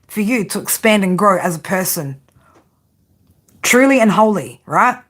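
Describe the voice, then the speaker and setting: A woman giving a tarot reading, blunt and profane, often tagging her points with a quick "right?". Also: medium pitch, animated, slightly rough. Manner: frank tough-love delivery. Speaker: tarot reader.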